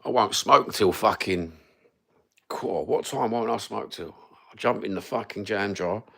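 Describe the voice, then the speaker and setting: Gravelly sweary Cockney man rambling. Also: on the low side, unhurried, pushed and bright. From East London, England. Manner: sweary, rambling, matter-of-fact. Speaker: livestreamer. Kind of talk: rambling storytelling.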